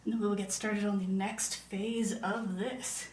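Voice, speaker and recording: A woman's voice: medium pitch, little pitch movement, unhurried, darkish tone, far from the mic, slight background noise. A woman casually chatting while cooking on a live stream, playful and sing-song, often meowing to herself. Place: home kitchen. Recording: echoey room, voice from afar.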